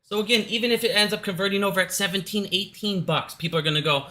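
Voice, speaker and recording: A man's voice: high voice, fast talker, hardly any pauses, sharp tone. A man from Minnesota giving casual, heated commentary at home, profane and repetitive, hot and out of breath. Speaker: stock market commentator. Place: his house.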